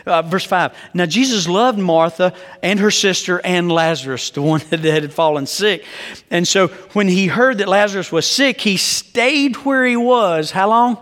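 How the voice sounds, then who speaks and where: Man in his fifties, high voice, preaching, conversational and joking, long reverb of a big hall. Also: lively intonation, normal speed, fairly bright tone. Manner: conversational, joking, emphatic storyteller. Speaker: pastor. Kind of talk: sermon.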